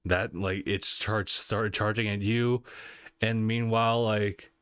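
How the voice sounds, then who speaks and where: A man's voice: fairly low pitch, steady tone, takes it slowly, fairly bright tone, clear, resonant tone, dry recording, clean studio sound. A man co-hosting a podcast, chatting casually about video games, laid-back and laughing often, trailing off mid-sentence. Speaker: podcast co-host.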